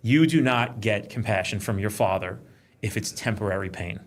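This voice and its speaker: A man talking in a casual podcast chat, profane and quick, telling animated stories about his kids and work. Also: fairly low pitch. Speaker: podcast guest, police trainer.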